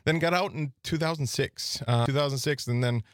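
A man in his forties from Wisconsin, a guest on a radio talk show, speaking hesitantly with many pauses and restarts. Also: mid-range voice, dry recording, studio quality. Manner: hesitant, lots of uhs and restarts. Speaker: guest, veteran who runs a nonprofit. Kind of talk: casual radio interview. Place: radio studio.

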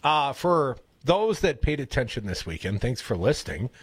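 A man with a Wisconsin accent hosting a radio show, telling rambling stories in a casual, animated way. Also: medium pitch, moderate pace, breathy edge. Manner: chatty, rambling storyteller, animated. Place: radio studio. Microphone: studio broadcast mic.

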